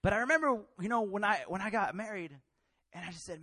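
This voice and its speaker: A young man from a Mexican family, preaching a sermon with passion, swinging from loud declarations to hushed, tender passages. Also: sits high, lively intonation, fast talker, no echo, clean studio sound.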